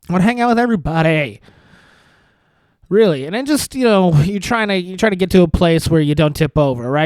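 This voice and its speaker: A young man with a high, light voice talks straight into the mic in a dry, close-sounding room. He rambles and mocks himself in a comic solo podcast monologue, stumbling over restarts as he goes. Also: smooth, no echo. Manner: self-deprecating, rambling with frequent restarts and laughs. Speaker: podcast host.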